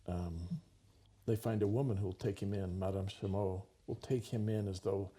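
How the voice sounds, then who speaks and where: A man's voice: fairly low pitch, fairly even intonation, moderate pace, warm tone, husky. A man hosting a talk show, telling a story in a vivid conversational way and acting out the dialogue.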